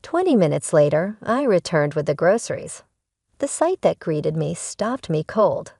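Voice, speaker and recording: A woman's voice: fairly low pitch, big pitch swings, measured pace, creaky, darkish tone, no echo, clean studio sound. A woman narrating a first-person family drama story in an emotional, pointed way.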